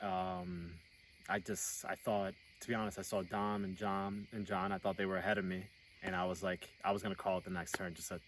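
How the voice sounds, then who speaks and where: Contestant confessional, deep male voice, quick and halting, distant mic, crickets outdoors. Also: flat delivery, a bit bright, slight background noise. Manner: halting, full of restarts. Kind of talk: casual confessional interview.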